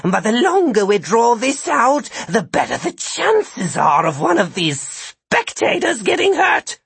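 A man's voice: very high voice, wildly swooping pitch, unhurried, gravelly, a bit bright, husky, dry recording, pitched above the performer's own voice, full character voice. A man voicing a sarcastic, drooling male monster magician with a snarling delivery. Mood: sarcastic urgency.

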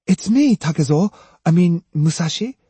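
Guy doing a young woman voice, way up high, choked up and stammering, husky. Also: very animated, mellow, no echo, full character voice. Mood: hesitant. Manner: hesitant, tearful, halting. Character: young woman, tearful and pleading.

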